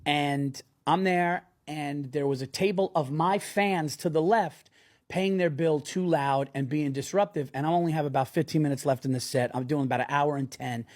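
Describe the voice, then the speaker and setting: A man's voice: fairly high pitch, normal speed. A man who works as a stand-up comedian, telling a story in a loose, profane way with lots of restarts. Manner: animated, profane, frequent restarts. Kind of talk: casual storytelling.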